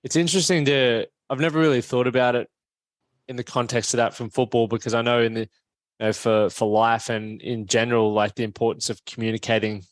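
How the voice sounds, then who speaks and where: A man hosting a podcast, asking rambling, relaxed questions with many "yep" backchannels. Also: medium pitch, a little fast, no echo. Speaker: podcast host. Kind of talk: casual interview hosting.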